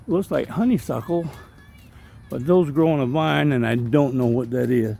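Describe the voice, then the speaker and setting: A man's voice: on the high side, expressive, moderate pace, gravelly, dark tone. A man with a Southern US accent narrating a rambling, chatty walkthrough of an outdoor park on a handheld camera. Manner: rambling, chatty, self-deprecating. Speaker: travel vlogger.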